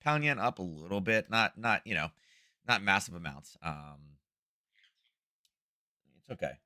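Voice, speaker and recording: Low, dry-voiced man rambling about markets. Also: lively intonation, a little slow, sharp tone, no room sound. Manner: rambling, chatty, many fillers and restarts. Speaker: trading show host. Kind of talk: casual live market commentary. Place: home.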